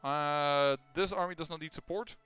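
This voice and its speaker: A man's voice: fairly high pitch, normal speed, a bit bright, smooth, faint music behind. A man casually commenting on his own strategy game as he plays, thinking aloud with lots of fillers and restarts. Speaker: gameplay commentator.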